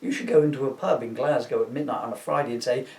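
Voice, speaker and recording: A man's voice: mid-range voice, steady tone, fast talker, vocal fry, darkish tone. A middle-aged man reading his own comedy book aloud, chuckling at his jokes and breaking off into chatty asides. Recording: roomy, distant from the mic.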